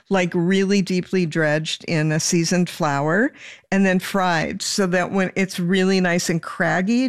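A woman's voice: fairly low pitch, smooth, no room sound, studio quality. A middle-aged woman, a food radio host, chatting with enthusiasm as a guest on the radio. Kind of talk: casual radio chat.

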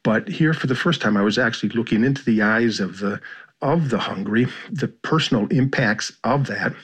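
Husky-voiced American man telling stories. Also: medium pitch, fairly bright tone. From United States. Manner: thoughtful, with frequent pauses and restarts. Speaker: journalist, foreign correspondent. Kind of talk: reflective interview storytelling.

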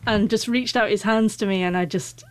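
A woman in her forties shares a heartfelt memory, her speech catching on repeated sound blocks. Her voice is smooth and resonant. It sits close and dry, with no room around it. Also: mid-range voice, fairly even intonation, moderate pace, a little mellow, no room sound. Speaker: guest, author. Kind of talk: emotional personal recollection.

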